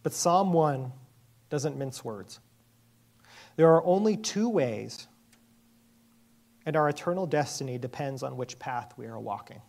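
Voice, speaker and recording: Pastor guy giving a sermon, earnest, mid-pitched voice, slows down and pauses for weight. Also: vocal fry, a little mellow. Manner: earnest, measured preaching with emphatic pauses.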